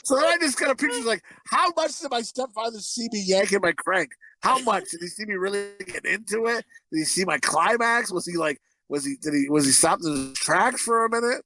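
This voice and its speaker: Animated, high-voiced profane man storyteller. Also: a little fast, few pauses, no room sound, low-quality recording. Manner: animated storyteller, profane, breaks into laughter, acts out quotes. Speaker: podcast co-host. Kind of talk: crude comedic movie review banter.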